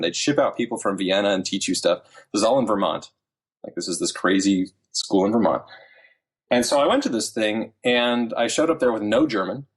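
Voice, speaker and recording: A man's voice: lowish voice, husky. A man in his thirties, a podcast guest, telling stories in casual chat with lots of fillers and restarts. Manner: animated storytelling with many fillers and restarts.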